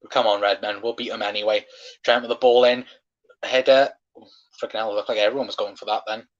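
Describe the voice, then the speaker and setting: A man's voice: mid-range voice, steady tone, quick pace, highs cut off. Ranting, swearing football fan man. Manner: passionate, swearing, ranting at referee decisions. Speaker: fan watchalong host. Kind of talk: live football watchalong commentary.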